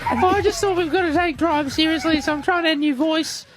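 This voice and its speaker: A man putting on a squeaky high mock-serious radio voice. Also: normal speed. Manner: high-pitched put-on voice, drawn out.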